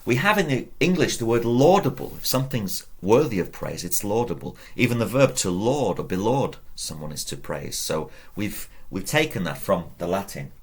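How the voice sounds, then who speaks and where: A man's voice: fairly low pitch, animated, moderate pace, few pauses, slightly rough. A man teaching Latin at a whiteboard, patiently drilling verb endings aloud and encouraging his viewers. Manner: patient, drills conjugations aloud with rising emphasis; encouraging, addresses viewers directly. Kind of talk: whiteboard lesson.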